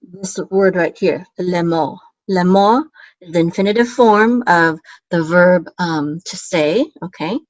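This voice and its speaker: A woman with a fairly low voice walks through grammar patiently, pausing on ums and checking understanding after each point. The sound is dry and close, with no room around it. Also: no room sound, dull audio. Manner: patient, many "okay?" checks and filler ums. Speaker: Hebrew teacher. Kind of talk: explaining grammar step by step.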